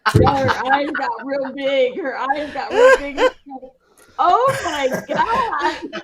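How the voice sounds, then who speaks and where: A woman with a high voice, telling funny stories on a video call and laughing as she goes. A crowd is clearly audible behind her. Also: slow. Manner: laughing storyteller. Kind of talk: casual chat.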